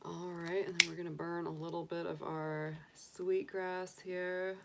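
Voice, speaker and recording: Woman doing a chill tarot livestream, kinda low voice, super friendly and chatty, says hi to everyone by name. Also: level tone, unhurried, gravelly, heavy background noise. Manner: chatty, greets viewers by name; cheerful and enthusiastic. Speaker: tarot reader and livestream host. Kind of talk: casual livestream chat.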